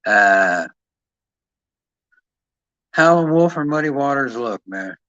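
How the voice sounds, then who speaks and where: A man's voice: medium pitch, lively intonation, slow, fairly bright tone, no room sound. Profane rambling man, dull dry sound. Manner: rambling, profane, keeps ending lines with "man". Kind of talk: casual profane monologue.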